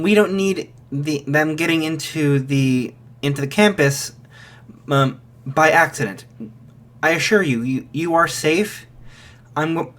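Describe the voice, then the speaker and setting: A man's voice: fairly high pitch, fairly bright tone. A man voicing a courteous small rat-like principal speaking through an intercom, reassuring and a little wry.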